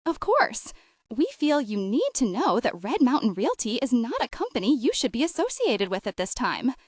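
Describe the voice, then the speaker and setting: A woman's voice: on the high side, very animated, normal speed, no room sound, studio quality. A woman voicing a scheming middle-aged businesswoman who puts on a sugary fake Southern accent and fake sincerity. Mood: syrupy. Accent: put-on Southern American. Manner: syrupy, fake-sincere, breathless.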